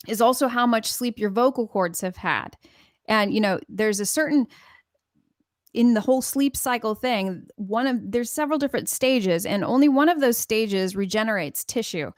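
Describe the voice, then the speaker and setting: A woman's voice: a little high, no room sound, studio quality. An American woman from California giving a casual live-stream singing lesson, chatty and rambling, laughing often. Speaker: singing teacher.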